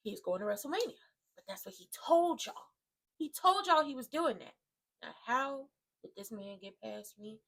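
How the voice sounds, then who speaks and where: Woman vlogger with a highish voice, delivering an emphatic, slang-heavy rant recap. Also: moderate pace. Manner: animated, slangy and emphatic, with asides to viewers. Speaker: wrestling commentary vlogger. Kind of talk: casual ranting recap.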